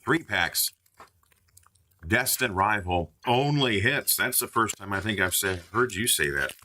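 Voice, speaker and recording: Deep-voiced joking man hosting a card stream. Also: lively intonation, a little slow, pushed and bright. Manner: joking, chatty, calls out card names. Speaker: stream host opening card packs. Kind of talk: casual live-stream commentary. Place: indoors at a store.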